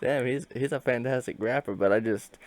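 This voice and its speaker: A man's voice: mid-range voice, a little fast, dry recording. A man hosting a casual interview, laid-back and swearing offhandedly, his sentences often trailing off. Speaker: podcast interviewer.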